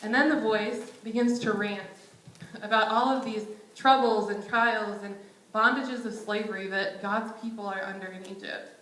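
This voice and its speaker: A woman's voice: mid-range voice, steady tone, moderate pace, a bit bright. A young woman preaching a conversational sermon in a church, casual and self-deprecating, often chuckling. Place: church sanctuary. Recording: roomy church sanctuary echo.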